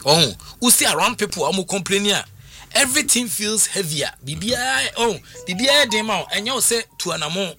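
Over soft background music, a middle-aged man with a Ghanaian accent talks briskly in a high voice, mixing Twi and English in casual conversation. He's an animated storyteller who keeps asking "what I say?" as he goes.

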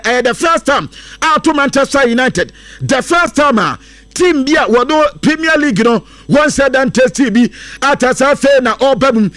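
A man talks through football news with a sing-song lilt. His voice sits very high. The sound is dry and close, with no room around it. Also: no echo. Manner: lively, mixes English into Akan, sing-song lilts and bursts of laughter. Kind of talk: casual football news chat.

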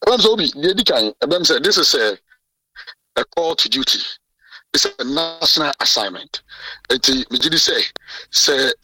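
A Ghanaian man speaks emphatically in a radio interview, often restarting his sentences. His voice is bright and forceful, and it sits a little high. He is heard from some distance in a dry recording. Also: lively intonation, moderate pace, pauses often, breathy edge, no echo. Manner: code-switching, emphatic, frequent restarts. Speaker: president of a journalists' association.

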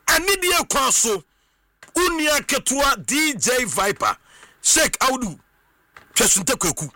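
A Ghanaian man talks in a very high, piercing voice, mixing Twi and English. His delivery is excitable and swings all over, with sudden shouts and sing-song stretches. The sound is close and completely dry. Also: unhurried, no room sound.

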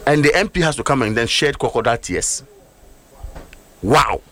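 Animated Ghanaian man, bright and emphatic. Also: medium pitch, moderate pace. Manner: emphatic, rhetorical, switches between languages. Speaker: political commentator. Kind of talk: heated political commentary.

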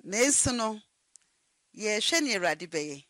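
A woman from Ghana answering radio interview questions in a measured way, mixing in English words. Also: medium pitch, sing-song, fairly bright tone, no echo. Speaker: interview guest, non-profit worker.

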